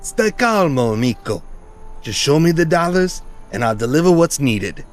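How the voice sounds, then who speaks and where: Jack, a lively Italian trader. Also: male voice, on the high side, normal speed, soft background music. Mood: salesy. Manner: theatrical, sprinkles Italian words. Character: smooth-talking Italian male trader, salesy and eager. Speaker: supplier.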